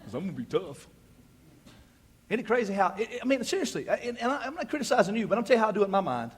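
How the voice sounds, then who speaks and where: High-voiced preacher, emphatic and repetitive. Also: male voice, very animated, very fast, husky. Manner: emphatic, repeats words when fired up; swings from hushed asides to loud declarations. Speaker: pastor. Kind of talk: sermon. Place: church sanctuary.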